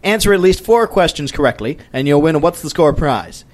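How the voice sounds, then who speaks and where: A young man opens and runs a sports quiz as its game master. His delivery is upbeat and scripted, like an announcer's, and his voice sits slightly high. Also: very animated, a little fast.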